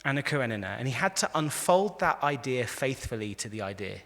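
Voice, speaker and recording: A man, a rabbi, giving a lively lecture to a live audience, telling stories and acting out the quotes with frequent restarts. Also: mid-range voice, a little fast. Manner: animated storyteller, frequent restarts, acts out quotes. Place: large convention hall. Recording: echoey hall.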